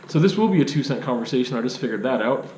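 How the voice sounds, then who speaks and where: A man's voice: medium pitch, expressive, rapid-fire, darkish tone, a little hiss or hum. Rambling man in an echoey studio. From Canada. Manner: rambling and self-deprecating, lots of hedging fillers. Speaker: video blogger and artist. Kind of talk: casual unscripted monologue. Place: art studio. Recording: echoey room.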